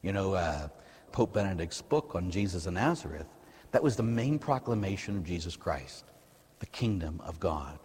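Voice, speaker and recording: Male priest, lower voice, very animated intonation, conversational sermon, long church reverb. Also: moderate pace, slight background noise. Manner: lively preaching with rhetorical questions. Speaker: Catholic priest.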